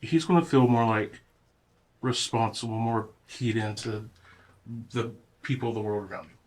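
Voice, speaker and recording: A man playing a tabletop role-playing game, giving animated, vivid descriptions of his character. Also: fairly low pitch, normal speed. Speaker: player.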